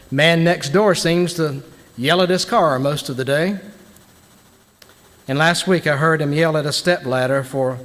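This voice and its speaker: Dramatic male preacher in a reverberant chamber. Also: on the high side. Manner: dramatic, swings between loud bursts and hushed lines. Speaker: guest minister giving a devotional to lawmakers. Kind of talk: sermon-style devotional address. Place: large legislative chamber, indoors. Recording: long reverb of a large hall.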